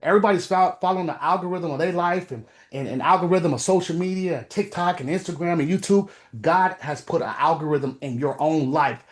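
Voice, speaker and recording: A man's voice: fairly high pitch, fairly quick, hardly any pauses. A man who coaches veterans gives a fervent motivational talk. He speaks in a preachy, urgent way, repeats phrases for effect and builds to emphatic peaks.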